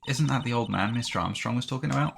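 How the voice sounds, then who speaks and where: A man's voice: medium pitch, fast talker, creaky, a bit bright, slight background noise, voice pushed up. A man doing an eager young sidekick girl. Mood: excited. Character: excitable young woman sidekick, cheerful.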